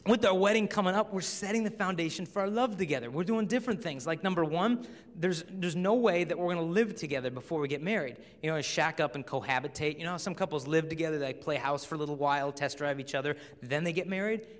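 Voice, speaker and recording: Animated young man speaking in a reverberant hall. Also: a little high, fast. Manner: animated storyteller who acts out voices. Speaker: chastity speaker. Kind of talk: live talk to a young audience.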